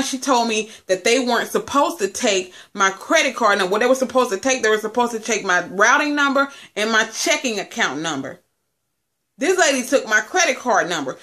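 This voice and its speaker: A woman's voice: fairly high pitch, a bit bright. A woman in her late twenties tells viewers an angry, profane story about her cable company, calling them family. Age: late 20s. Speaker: vlogger. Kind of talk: angry rant to camera.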